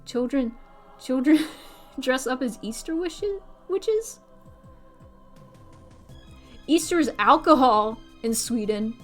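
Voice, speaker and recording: A young female streamer chats casually with her viewers, wandering from thought to thought and switching to a squeaky high voice to quote people. Her intonation is lively, she speaks slowly with frequent pauses, and soft music plays in the background.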